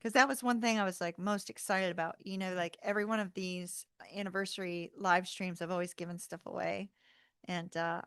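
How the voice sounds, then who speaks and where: A woman's voice: lowish voice, steady tone, brisk, clean tone, no echo, studio quality. A woman hosting a tarot channel livestream, chatting casually with viewers, laughing often and saying y'all. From North Carolina, US.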